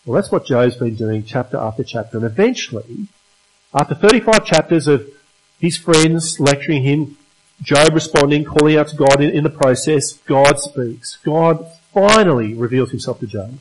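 Man, preacher, sermon, fairly high voice, emphatic, rhetorical questions. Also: expressive, moderate pace, slight background noise, low-quality recording. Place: church service.

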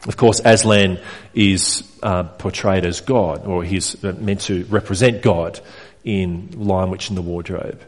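A man's voice: sits low, steady tone, measured pace. A man preaching a sermon to his congregation, earnest and direct, often putting questions to his listeners. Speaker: pastor. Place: church hall. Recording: reverberant church hall.

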